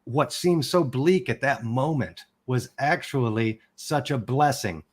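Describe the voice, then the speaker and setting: Guest, male, 40s, mid-pitched, frank emotional storyteller who swears freely. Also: animated, a little slow. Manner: candid and emotional, swears casually. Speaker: podcast guest. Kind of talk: personal storytelling.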